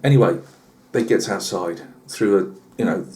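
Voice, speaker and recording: Chatty British bloke spinning a yarn. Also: male voice, on the low side, moderate pace, mellow. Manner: chatty, lots of asides and fillers. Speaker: channel host. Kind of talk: rambling comic tall tale.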